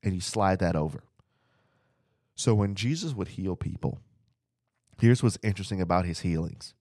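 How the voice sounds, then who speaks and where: A man's voice: sits low, moderate pace, darkish tone, no echo, clean studio sound. A man teaching the Bible as a preacher, earnest and repeating phrases for emphasis, speaking to listeners at home.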